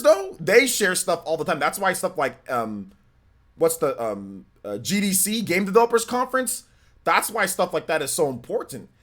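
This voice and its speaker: A man's voice: a little high, fairly bright tone. A man hosting a livestream, chatting casually and rambling through viewer comments with lots of filler words. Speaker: livestream host.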